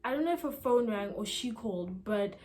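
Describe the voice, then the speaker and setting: A woman's voice: fairly high pitch, lively intonation, brisk, a little mellow. A woman casually recapping a TV episode, talking in a chatty way with lots of fillers and asides. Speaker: TV episode reviewer.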